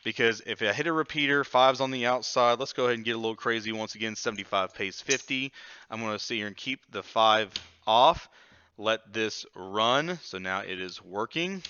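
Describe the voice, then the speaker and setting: A man with a somewhat low, bright and smooth voice hosts a live craps tutorial, explaining his bets between excitable, jokey shouts. The sound is dry and close, with a slightly muffled, lo-fi quality. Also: moderate pace, no echo. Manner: excitable, jokey, bursts of loud exclamations. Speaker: craps strategy video host.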